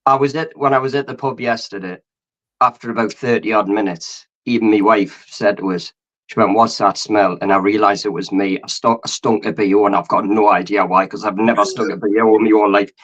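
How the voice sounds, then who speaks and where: A hoarse, hung-over man rambling as a guest on a casual video call show. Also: on the low side, steady tone, brisk, fairly bright tone, muffled recording. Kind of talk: casual chat.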